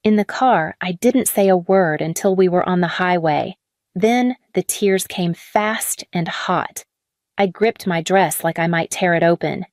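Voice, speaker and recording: Low-voiced woman narrating a story. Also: measured pace, a little mellow, no room sound, clean studio sound. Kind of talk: scripted first-person story narration.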